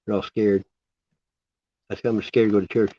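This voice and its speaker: A man's voice: on the low side, flat delivery, moderate pace, dull audio. A man vlogging in a casual, rambling, incredulous way. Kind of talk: casual chat.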